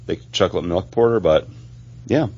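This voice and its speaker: A man with a low, husky voice co-hosting a podcast in loose, rambling chat, full of ums and restarts. The recording sounds dull and lo-fi. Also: moderate pace, mellow. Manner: rambling, many fillers and restarts. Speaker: podcast co-host. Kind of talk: casual chat.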